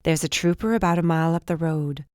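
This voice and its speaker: A woman voicing a police dispatcher who speaks calmly, warmly and encouragingly. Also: sits low, quick pace, no echo, clean studio sound, natural voice. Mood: calm directions. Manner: calm, warm, encouraging.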